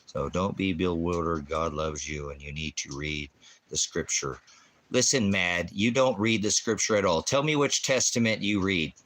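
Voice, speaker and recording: A man's voice: low-pitched, normal speed, a bit bright. A man hosting a ministry livestream who answers the chat with insults and mockery, swinging from crude jokes to scripture. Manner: profane, insulting, mocking; jumps between jokes and scripture talk.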